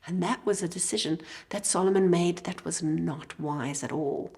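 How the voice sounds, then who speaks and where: A woman's voice: on the low side, moderate pace, darkish tone. A woman teaching children at church, telling a Bible story expressively and dropping to a whisper for emphasis.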